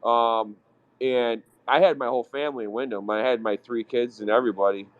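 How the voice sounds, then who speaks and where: A man's voice: medium pitch, fairly even intonation, a little fast, dry recording. A man in casual talk show chat who rambles and halts, with many fillers. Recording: dry, dull close sound.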